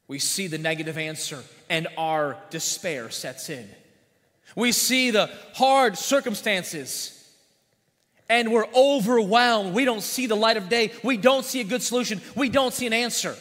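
In a reverberant church sanctuary, a pastor preaches with repeated phrases in a steady cadence. He swings between loud, emphatic lines and quiet, low-voiced ones.

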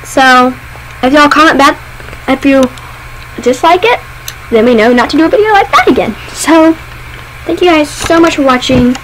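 A woman's voice: sits high, animated, normal speed, long pauses, fairly bright tone, a little hiss or hum, low-quality recording. A woman hosting a casual gaming video, bubbly and rambling, saying y'all a lot. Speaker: channel host.

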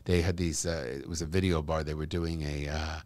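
Middle-aged guy with a really low voice, chatty and animated, dry close mic. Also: fairly quick, no room sound. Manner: animated storyteller, laughs while talking. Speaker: guest, actor and comedian. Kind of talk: casual podcast chat.

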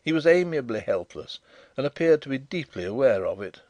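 A man narrating a classic detective story in a lively, expressive storytelling manner. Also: medium pitch, brisk, no echo. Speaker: audiobook narrator. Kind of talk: scripted narration.

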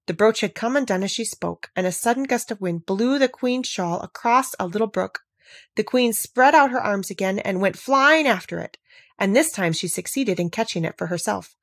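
Woman, audiobook narrator, storybook reading, lively pitch, dry close sound. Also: moderate pace, dry recording. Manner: expressive, animated narration.

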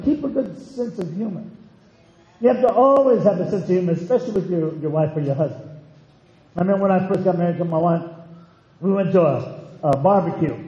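Folksy male pastor preaching, high voice, mellow tone, dull echoey hall recording. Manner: folksy, conversational storytelling. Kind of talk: sermon.

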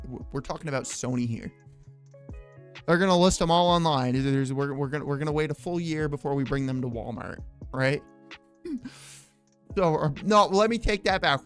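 A young man hosting a casual tech news vlog, chatty and slangy, saying dude and bro and laughing at his own jokes. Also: mid-range voice. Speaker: tech channel host.

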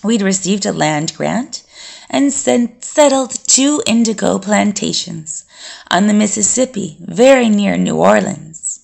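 A woman reading as a brooding, gravelly male vampire. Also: medium pitch, lively intonation, a little mellow, exaggerated voice. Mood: reflective. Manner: measured, collected and reflective. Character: calm, brooding male vampire recounting his past. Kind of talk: audiobook character reading.

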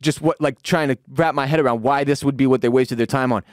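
A man hosting a sports podcast, ranting in a profane, heated way with shouted peaks, then dropping to a low, weary tone. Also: quick pace, dry recording, clean studio sound. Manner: drops to low, weary tone when calming down. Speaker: podcast host. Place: home room with dogs.

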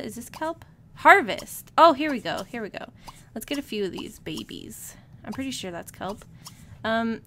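Excitable woman narrating her gameplay. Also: a little high, slight background noise. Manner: excitable, chatty, laughs and gasps often; talks to her game characters. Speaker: let's play host. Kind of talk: casual gameplay commentary.

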